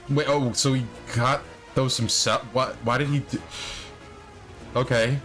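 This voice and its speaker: A man's voice: medium pitch, fairly even intonation, unhurried, a bit bright, faint music behind. A young man casually commenting on a video game stream, rambling, swearing and laughing often. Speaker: let's play streamer.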